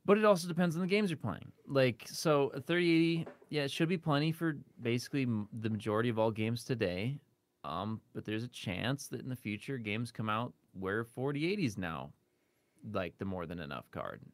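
A man guest on a casual tech podcast, chatty and quick to laugh, with plenty of fillers. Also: medium pitch, expressive.

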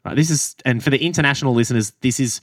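An Australian man co-hosting a podcast, telling a story in casual chat, animated and swearing freely as he acts out what people said. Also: medium pitch, racing, no echo, clean studio sound. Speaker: podcast co-host and running coach.

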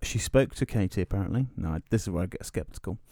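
A young man chats on a podcast, spinning animated stories with plenty of swearing. His pitch swings up and down as he talks. The sound is close and dry. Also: fast, no room sound. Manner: animated storyteller, swears freely. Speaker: podcast host. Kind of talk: casual banter. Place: home studio.

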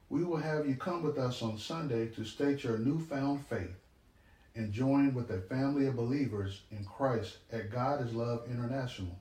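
An actor playing a pious husband and lay minister in an audio drama, speaking in a measured, formal preacherly way. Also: male voice, mid-range voice, darkish tone, echoey room, far from the mic, natural voice, low-quality recording.

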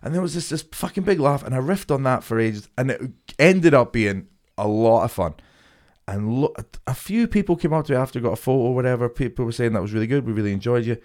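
A young man co-hosts a podcast, swearing freely and acting out anecdotes in casual chat. He talks fast in an expressive, mid-range voice that's a little mellow.

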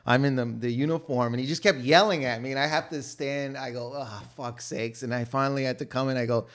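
A man in a relaxed podcast conversation, spinning stories with lots of "like" and swearing. His pitch sits in an ordinary male middle range. He jumps into loud, acted-out voices whenever he quotes someone. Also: fast. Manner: animated storyteller who acts out quotes in loud voices; loose, profane, filler-heavy talk. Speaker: podcast guest, actor. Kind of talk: casual chat, anecdotes.

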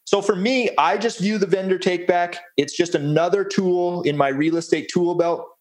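A man's voice: sits high, steady tone, normal speed. A man presenting a real estate case study on a webinar, upbeat and folksy, walking through steps. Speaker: guest presenter.

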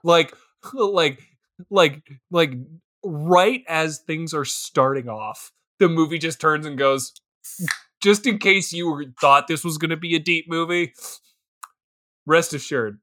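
A man's voice: fairly high pitch, takes it slowly, sharp tone. A young man co-hosting a casual comedy podcast about a movie, laughing often and putting on exaggerated voices when he quotes people. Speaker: podcast co-host.

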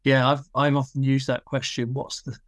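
A man's voice: medium pitch, little pitch movement, moderate pace, no room sound, studio quality. A man hosting a podcast interview, mostly giving short agreeing replies. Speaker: podcast host. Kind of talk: casual interview.

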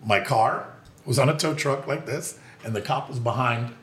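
A man telling a story in casual chat, animated and profane, acting out voices as he goes. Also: medium pitch, normal speed, echoey room. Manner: animated storyteller, acts out voices, swears freely. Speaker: podcast guest telling stories.

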